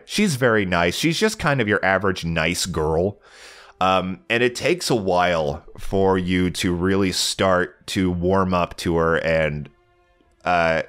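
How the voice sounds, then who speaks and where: Casting note: low-voiced American man, animated game-review chat, faint music underneath. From United States. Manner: gushing, animated, frequent swearing. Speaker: let's play host. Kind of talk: casual game review monologue.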